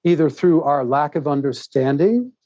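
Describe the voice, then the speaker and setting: A man tells a long personal story as a podcast guest, rambling and animated, often laughing between thoughts. His voice sits a little higher than most men's but sounds mellow and warm. The recording is dry and slightly muffled. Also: moderate pace, no room sound. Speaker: podcast guest, author and speaker. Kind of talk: casual interview storytelling.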